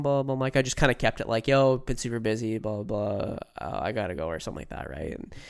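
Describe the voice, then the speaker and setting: This young podcast co-host has a clear, resonant voice of medium pitch. Chatting casually, he tells a long, meandering story, leaning on "like" and "right?" and acting out the quoted voices of others.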